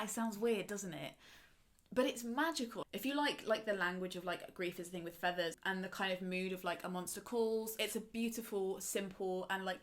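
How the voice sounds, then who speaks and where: A woman's voice: lowish voice, fairly bright tone. A woman from the English Midlands, talking casually and enthusiastically as a book vlogger, with lots of filler words. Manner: chatty and gushing, full of "like" fillers.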